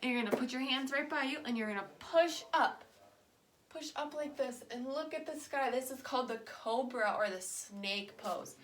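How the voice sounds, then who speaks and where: A woman's voice: sits high, normal speed, fairly bright tone, slight background noise. A young woman guiding children through a yoga lesson, playful and encouraging, talking simply to kids. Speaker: kids' yoga teacher. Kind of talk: guided kids' yoga lesson.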